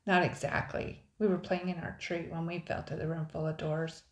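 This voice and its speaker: A woman's voice: low voice, flat delivery, normal speed, close to an everyday voice. A woman reading a storybook aloud, voicing a sensible young boy who urges the others along. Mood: calm urging. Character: earnest, sensible young boy, leader of the kids. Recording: roomy echo.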